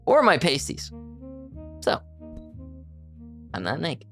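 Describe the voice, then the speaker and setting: A woman's voice: low voice, wildly swooping pitch, takes it slowly, faint music behind. A woman streamer chatting casually on a live stream, playful and giggly, protesting in flustered bursts.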